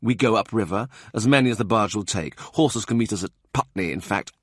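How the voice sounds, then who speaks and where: A man voicing a blunt, plain-spoken male advisor of humble birth in an audiobook, steady and practical. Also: lowish voice, fairly quick, no echo, clean studio sound, lightly acted. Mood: brisk.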